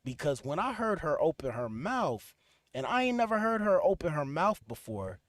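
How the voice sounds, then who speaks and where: A man's voice: fairly high pitch, very animated, normal speed, dry recording, studio quality. A man hosting a podcast, talking loose and slangy to his live chat as he reacts to clips, trailing off and restarting. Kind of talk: casual commentary to a live chat.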